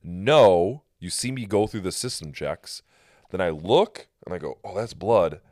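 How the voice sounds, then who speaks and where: A man with an extremely deep voice talks through a story in a casual podcast chat, getting animated and swearing freely as he goes. The sound is dry and close. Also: measured pace, no room sound. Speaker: podcast host and pro wrestler.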